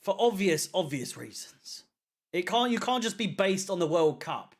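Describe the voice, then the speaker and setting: A man talks casually to a live chat, loose and rambling with plenty of ums. His voice sits a little high for a man. He swears offhandedly as he goes. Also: big pitch swings, normal speed. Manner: rambling, chatty, swears casually, many fillers. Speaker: fan channel watchalong host. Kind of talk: casual live-stream chat reading comments.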